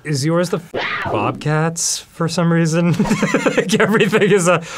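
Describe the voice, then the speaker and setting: A man's voice: a little high, a little slow, background noise. A man co-hosting a casual comedy game session, playful and given to silly sound effects. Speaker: co-host.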